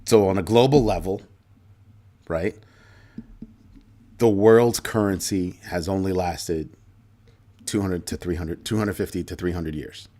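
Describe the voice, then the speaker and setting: The host of this livestream commentary is a man with a somewhat low, mellow voice, fairly even intonation, and a slightly slow delivery with long pauses. He speaks emphatically, repeats key phrases to hammer his points, and now and then answers viewer comments.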